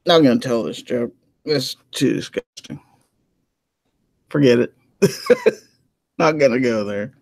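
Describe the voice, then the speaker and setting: A man's voice: medium pitch, a little slow, vocal fry, pauses often, no room sound. A man telling jokes in casual chat, checking in with his listeners with a folksy "okay?" between lines.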